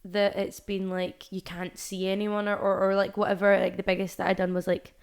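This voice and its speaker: A woman's voice: medium pitch, completely flat delivery, a little fast, creaky. A young adult woman with a Scottish accent, a musician chatting casually as a podcast guest, rambling with many fillers and restarts. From Scotland.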